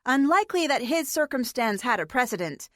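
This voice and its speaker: A woman reading a post-apocalyptic novel aloud as an audiobook narrator, in a measured, even manner. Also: high-pitched, no room sound, clean studio sound. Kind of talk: scripted narration.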